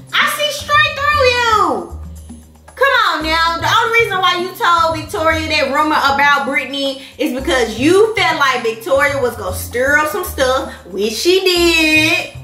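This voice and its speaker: A woman's voice: sits high, sharp tone. A woman, sassy and direct as she reacts to a TV episode and talks straight to her viewers. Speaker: reaction vlogger. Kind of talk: animated reaction vlog. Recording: echoey room with faint music.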